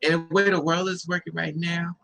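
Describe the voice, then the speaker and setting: A man in casual livestream chat, teasing and laid-back, reading text aloud haltingly. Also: fairly high pitch, level tone, creaky, bright, forceful tone, a little hiss or hum, low-quality recording.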